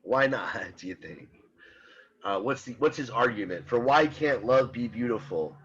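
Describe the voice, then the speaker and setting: A man teaching an online philosophy class, talking in halting restarts and often checking in with "right?". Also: medium pitch, lively intonation, fairly bright tone, husky, muffled recording. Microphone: computer mic on a video call.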